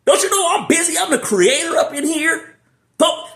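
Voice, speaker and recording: A man voicing God as an exasperated, bossy figure who scolds loudly in a raised, high voice. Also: animated, normal speed, echoey room, slight background noise, heavily acted. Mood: scolding. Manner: high, shouty, laughing scolding.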